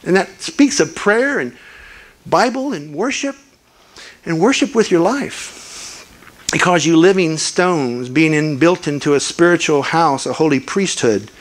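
A man's voice: on the high side, unhurried. An older man giving a sermon as a guest preacher, telling stories earnestly and acting out the people he quotes. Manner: earnest storytelling, quotes people in lively voices. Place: church.

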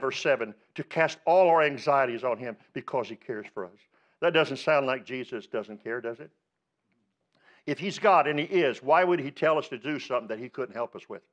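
A man's voice: a little high, a bit bright, highs cut off. A male pastor preaching a sermon, emphatic, asking rhetorical questions and rising on the words he stresses.

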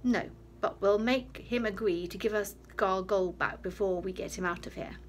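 A woman reading aloud and voicing a bold schoolboy who shouts his lines insistently. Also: mid-range voice, moderate pace, a little hiss or hum, lightly acted. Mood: defiant. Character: bold schoolboy, stroppy and demanding.

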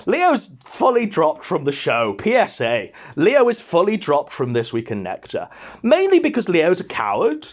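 A man's voice: high voice, huge pitch swings, a little slow. A man hosting a podcast, ranting in a mocking, scornful way. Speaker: podcast host. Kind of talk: casual ranting commentary.

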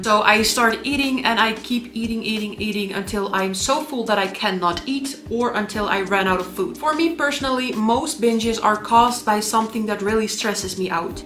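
A woman's voice: a little high, a bit bright. A young adult woman talking candidly to camera in a personal vlog, open and confessional, with many fillers. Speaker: vlogger.

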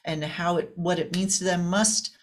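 Reflective woman host, slightly low voice. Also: fairly even intonation. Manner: reflective and affirming, building her points slowly. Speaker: interview host. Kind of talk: casual video-call interview.

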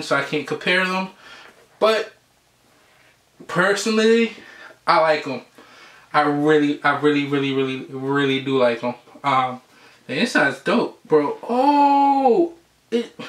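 A man's voice: a little high, fairly bright tone, roomy sound. A sneaker vlogger man ranting casually in slang, repeating himself as he shows a shoe. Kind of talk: casual unboxing rant.

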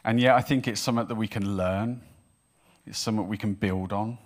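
A man with a low, deep voice preaches a sermon to his church. He tells the Bible story in an animated way and acts out the voices of the people in it. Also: fairly quick. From Wales. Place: church hall with congregation.

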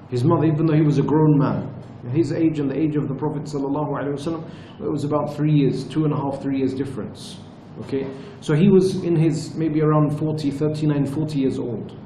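A man's voice: a little high, warm tone, slight background noise. Earnest male teacher in an echoey room. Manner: measured, earnest storytelling. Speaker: religious teacher. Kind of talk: storytelling lecture. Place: retreat lecture room. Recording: echoey room with faint ambience.

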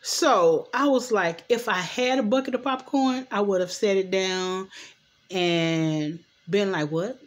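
A woman's voice: medium pitch, slow. A young adult woman chatting at home in a loose, rambling way, recapping a TV episode and often saying "anywho.". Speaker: TV recap vlogger. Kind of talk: casual recap chat. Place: home at night. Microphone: camera mic.

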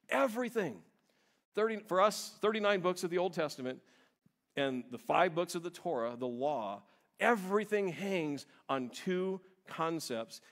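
A man, a pastor, preaching a sermon in a church in a conversational, explaining way, stressing key words. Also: fairly high pitch.

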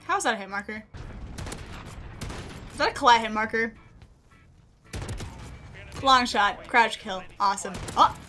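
A woman giving excitable, self-deprecating commentary over her own gameplay, laughing often. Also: on the high side, a little slow, long pauses, slight background noise. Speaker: gaming video creator.

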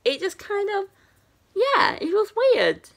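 A woman's voice: very high-pitched, huge pitch swings, takes it slowly, gravelly. A young woman, telling a story in a casual, chatty way with plenty of fillers and restarts. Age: young adult. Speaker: vlogger.

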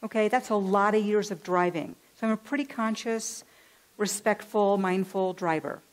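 Animated woman minister telling a story. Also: medium pitch, normal speed, low-quality recording. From California. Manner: animated, acts out voices in her stories. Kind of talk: storytelling sermon. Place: church.

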